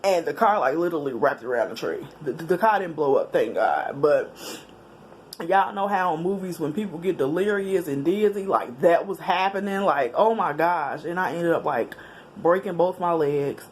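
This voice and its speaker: A woman's voice: on the low side, normal speed. Woman vlogger, chatty storytelling, faint background hiss. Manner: animated, chatty, with slang and laughs. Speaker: vlogger telling a personal story. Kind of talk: casual storytelling to camera.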